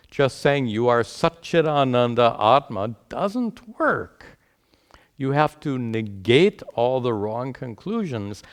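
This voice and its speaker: A man teaching a spiritual lecture, retelling a parable in a deliberate, explanatory way. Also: mid-range voice. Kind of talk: lecture with storytelling.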